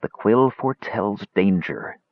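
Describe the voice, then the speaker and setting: A man voicing an ancient male wizard who speaks slowly, gravely and sadly, on a dull lo-fi recording. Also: lowish voice, lively intonation, no room sound. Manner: slow, grave and sad.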